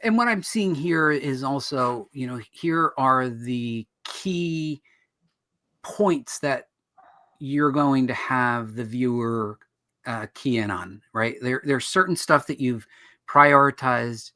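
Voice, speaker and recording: A man's voice: mid-range voice, slow, sharp tone. A man hosting a casual interview who eagerly jumps in with questions and observations. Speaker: host.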